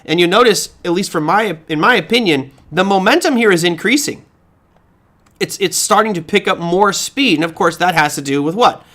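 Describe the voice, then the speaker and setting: A middle-aged man hosts a live market-commentary stream and answers viewer questions. His voice sits fairly high for a man, and he talks in a loose, animated way, with rhetorical questions and quick restarts.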